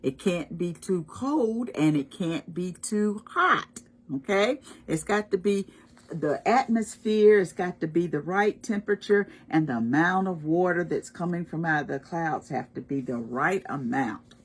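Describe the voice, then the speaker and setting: Brief: woman children's storytime reader, low husky voice, unhurried. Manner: animated, asks children questions. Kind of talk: children's read-aloud.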